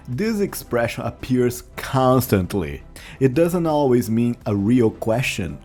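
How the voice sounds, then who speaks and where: Brief: male teacher, unhurried and methodical, warm low tone, soft music underneath. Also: sing-song. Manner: slow, careful, repeats phrases to demonstrate. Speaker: English teacher. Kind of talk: language lesson.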